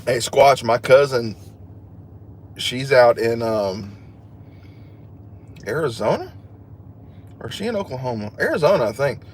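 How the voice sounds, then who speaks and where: A man's voice: medium pitch, big pitch swings, measured pace, pauses often, slight background noise. A man hosting a casual livestream, chatting with viewers and joking at his own expense. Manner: chatty and joking, laughs at himself. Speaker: livestream host. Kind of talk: casual live chat, reading viewer comments.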